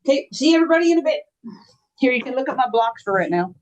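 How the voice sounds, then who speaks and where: A woman co-hosting a live stream talks casually and warmly as she signs off for a bit. Her voice sits fairly high. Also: animated, fast talker, muffled recording, slight background noise.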